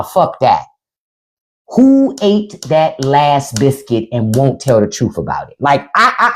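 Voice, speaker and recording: A middle-aged woman hosting a live stream, telling stories in a casual, profane way and acting out quotes. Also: low-pitched. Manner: profane, animated storytelling with acted quotes. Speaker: podcast host.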